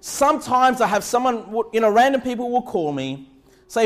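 A man preaching a sermon as pastor, moving from calm teaching to loud shouted emphasis and often checking in with "all right?". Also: very high voice, normal speed. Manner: repeats "all right?" and "okay?" to the congregation.

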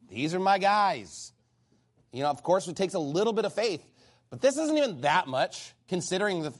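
Animated high-voiced male preacher. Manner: animated and blunt, quoting scripture and acting out God's voice. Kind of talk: sermon.

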